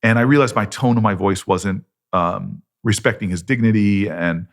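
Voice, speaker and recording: A man's voice: on the low side, normal speed. A middle-aged man, a senator on a podcast, telling a personal story in an earnest, self-deprecating way. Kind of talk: conversational storytelling.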